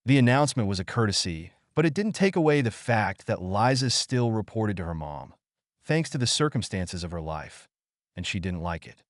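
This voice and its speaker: A man narrating an audiobook with expressive storytelling. His voice is low and moves a lot in pitch. The recording is close and dry. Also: moderate pace, no room sound.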